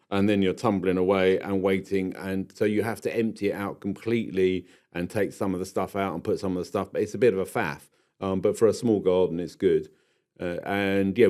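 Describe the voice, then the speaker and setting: A man from England co-hosting a gardening podcast, telling animated anecdotes with many halting restarts. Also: low-pitched. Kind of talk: casual chat, anecdotal storytelling.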